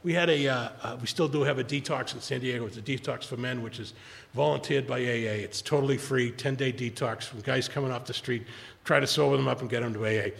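A man telling his recovery story to a large audience, rambling with many restarts, speaking quietly and rising when he urges the crowd. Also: medium pitch, fairly even intonation, fast. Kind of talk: personal testimony talk. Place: large hall before an audience. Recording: long hall reverb, gravelly.

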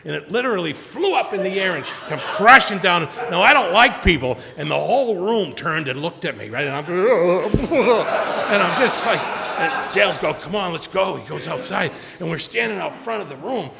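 Gravelly older man in a reverberant hall. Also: sits high, normal speed, hardly any pauses, heavy background noise. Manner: emotional, animated storytelling with acted-out quotes. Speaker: speaker at a recovery meeting. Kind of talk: personal storytelling talk.

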